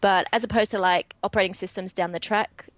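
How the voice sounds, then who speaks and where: A woman's voice: mid-range voice, fairly even intonation, fast talker, no echo, low-quality recording. A young Australian woman, a podcast guest, chatting casually and laughing often.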